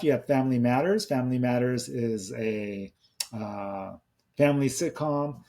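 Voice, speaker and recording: A man's voice: mid-range voice, darkish tone. A man in his thirties hosting a podcast, chatting casually in a rambling way, often restarting his sentences. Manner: rambling, conversational, with many restarts. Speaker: podcast host. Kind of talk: casual solo podcast talk.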